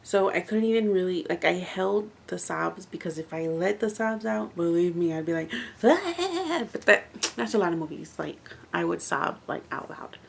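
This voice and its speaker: A woman with a fairly low, creaky voice talks at normal speed in a casual book-review vlog. She rambles chattily and says "like" a lot.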